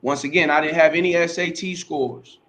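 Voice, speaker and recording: Bright-voiced man telling a rambling story. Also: fairly high pitch, steady tone, brisk. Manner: rambling, repeats himself, slangy and profane. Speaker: podcast host telling his story as guest. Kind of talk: casual storytelling interview.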